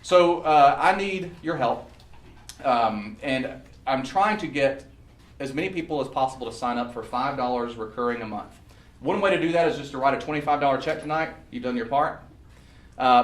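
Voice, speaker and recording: A man's voice: mid-range voice, expressive, fairly quick. A man giving a campaign speech at a meeting, earnest and pleading as he tells stories. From Southern US. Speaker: political candidate. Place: meeting room. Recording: echoey room, mic far off.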